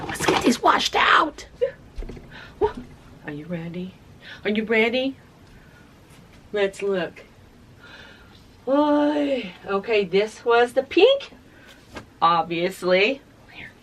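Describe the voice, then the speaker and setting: A woman hosting a casual crafting tutorial, chatty and excitable as she shows off her results. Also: deep voice, a little hiss or hum. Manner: chatty, excitable, talks to herself while showing results. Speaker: craft video host.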